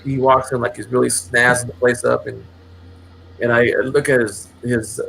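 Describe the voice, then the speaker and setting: Gravelly man telling a rambling story. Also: medium pitch, little pitch movement, moderate pace, fairly bright tone, slight background noise. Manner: rambling, with many restarts and acted quotes. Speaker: channel host. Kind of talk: casual storytelling.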